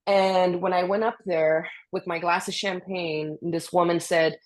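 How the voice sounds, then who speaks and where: Woman guest on a video call, casual storyteller, slightly low voice, chatty and animated with lots of fillers. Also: measured pace. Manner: animated, peppered with "you know" and restarts. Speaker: guest speaker, orchestra conductor.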